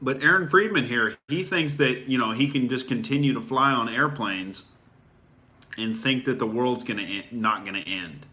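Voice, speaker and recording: A man's voice: mid-range voice, normal speed, pushed and bright. A male comedian hosting satirical commentary, talking in a sarcastic, mock-earnest parody voice and peppering lines with "all right?". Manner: chatty, fillers like "all right?". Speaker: comedian host.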